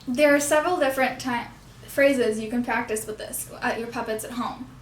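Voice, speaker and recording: A woman's voice: fairly high pitch, moderate pace, a little hiss or hum. A young woman explaining puppet technique in a hands-on lesson, stopping now and then to correct herself. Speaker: puppetry instructor. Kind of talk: instructional demonstration. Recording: echoey room.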